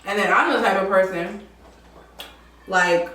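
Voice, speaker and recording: Woman mukbang host, slow, chatty and laughing, recorded far from the mic in a roomy space. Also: mid-range voice, sharp tone, a little hiss or hum. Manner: chatty, laughing, southern-style drawl words like y'all. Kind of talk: casual mukbang chat. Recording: echoey room from far off mic.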